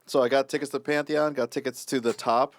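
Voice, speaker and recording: A man appearing as a podcast guest, chatting casually and excitedly, swearing freely. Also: mid-range voice, fast. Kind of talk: casual chat.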